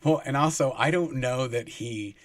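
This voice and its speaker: A man telling rambling, animated anecdotes as a guest, with many restarts. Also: mid-range voice, normal speed, no echo, clean studio sound. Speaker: guest, former Sea Org member. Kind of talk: casual storytelling in an interview.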